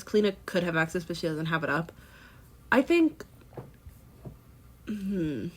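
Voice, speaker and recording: A woman's voice: on the low side, sing-song, unhurried, pauses often, breathy edge. Rambling woman podcast co-host. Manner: rambling, many fillers and restarts. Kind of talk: casual chat.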